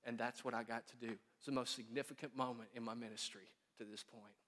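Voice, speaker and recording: Storytelling pastor in reverberant church. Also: male voice, mid-range voice, fairly even intonation, fast. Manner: folksy and storytelling, softening into quiet earnestness. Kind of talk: sermon. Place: church sanctuary. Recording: long reverb of a church hall.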